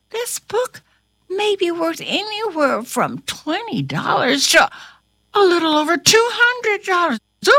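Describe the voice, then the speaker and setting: A woman's voice: very high voice, a bit bright, dry recording. A woman reading a storybook aloud in a theatrical manner, slipping into whispers and sudden exclamations, then chatting to her listener about the book. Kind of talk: dramatic read-aloud storytelling.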